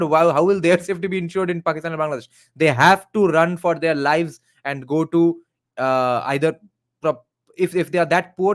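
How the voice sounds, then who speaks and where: A man who hosts a live reaction video, talking in a conversational way and reading viewer comments aloud. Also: on the high side.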